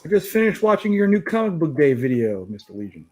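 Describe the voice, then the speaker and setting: Man, playful, jokey, casual video-call chat, fairly high voice, very lively pitch. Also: fast talker, slight background noise. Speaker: hangout participant showing comics. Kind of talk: casual online group chat.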